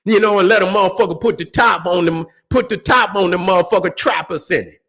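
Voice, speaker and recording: A man's voice: high voice, fast, fairly bright tone. A man hosting his own channel, giving a profane, casual, preachy rant with fiery repetition. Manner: fiery, preachy, swears freely, repeats words. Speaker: channel host.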